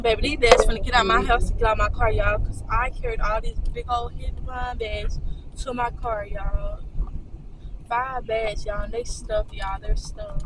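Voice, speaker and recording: A young woman vlogger chatting casually to her viewers, calling them "y'all" over and over. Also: a little high. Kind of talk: casual chat to camera. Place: inside a car. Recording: loud car and road noise.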